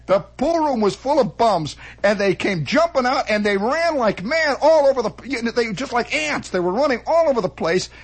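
Male comic monologist, high voice with a husky edge, animated delivery full of sound effects. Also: normal speed, hardly any pauses. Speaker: storyteller.

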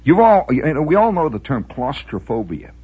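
A man's voice: mid-range voice, very animated, normal speed, mellow, husky, highs cut off. A man from the Midwest telling a rambling, folksy radio monologue with mock-grand asides. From American Midwest, Indiana.

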